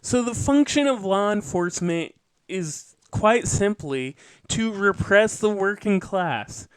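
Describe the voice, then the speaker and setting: Male host, high voice, slow and deliberate, earnest lecturing monologue on a show. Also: lively intonation, smooth, no echo. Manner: earnest, lecturing, with asides and self-corrections. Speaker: podcast host. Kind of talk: political commentary monologue.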